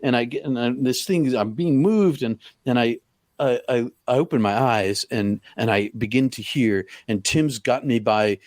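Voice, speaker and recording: A middle-aged man telling a personal story in an interview, talking haltingly with many restarts. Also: mid-range voice, dry recording, studio quality. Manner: halting, full of restarts, acts out quoted lines loudly. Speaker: podcast guest.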